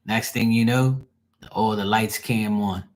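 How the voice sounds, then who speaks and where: A young man, telling a casual, profane and animated story on his livestream. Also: lowish voice, a little slow. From Bermuda. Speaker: livestream host.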